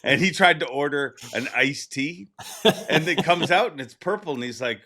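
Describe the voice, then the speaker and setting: Host: male, bright and forward tone, rambling and chatty with easy laughs. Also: on the high side, moderate pace. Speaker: podcast host. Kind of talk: casual interview chat.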